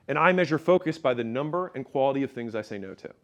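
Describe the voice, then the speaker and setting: A man's voice: mid-range voice, animated, fast talker, fairly bright tone. A man giving a motivational business talk in a punchy, storytelling way, speaking straight to his audience.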